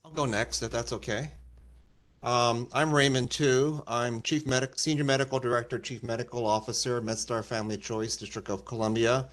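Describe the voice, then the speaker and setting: A man's voice: medium pitch, steady tone, moderate pace, fairly bright tone. A man in his sixties, a chief medical officer, introduces himself to a task force. He speaks with passion and earnestness in a mid-range voice. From Washington, D.C. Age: 60s.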